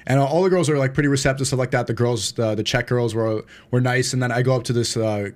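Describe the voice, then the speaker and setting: A young man from New York, a podcast guest telling stories in a quick, jokey way, often repeating words. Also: medium pitch, fairly even intonation. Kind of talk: casual storytelling.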